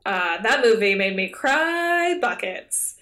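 A woman's voice: medium pitch, very animated, slow pace, pushed and bright. A woman co-hosting a podcast, chatting casually with plenty of laughs and jokes. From Canada. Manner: giggly, jokey, acts out quoted voices. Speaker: podcast co-host. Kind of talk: casual chat.

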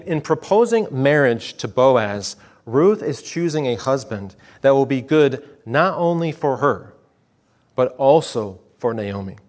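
A man in his thirties preaching a sermon in a conversational way, often asking the listeners questions and repeating words as he goes. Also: medium pitch. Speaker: pastor.

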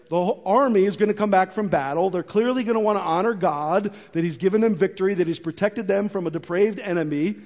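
A pastor giving a sermon, reading scripture aloud, then explaining it in a casual, conversational way. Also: male voice, high voice, darkish tone. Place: church sanctuary. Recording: muffled hall recording.

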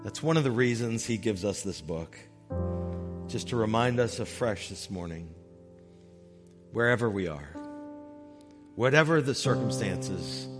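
A man preaching to his church with a lowish voice and earnest conviction. He pushes louder on his main points, then sinks quiet and slow. The sound carries a long hall reverb, with faint instrumental music underneath. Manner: earnest, swells louder on key points and drops soft and slow when moved. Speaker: pastor. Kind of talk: sermon. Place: church sanctuary.

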